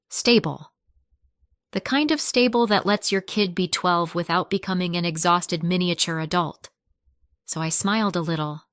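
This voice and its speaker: A woman narrating a scripted first-person family story in a measured, soft-spoken way. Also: fairly low pitch, no room sound, studio quality.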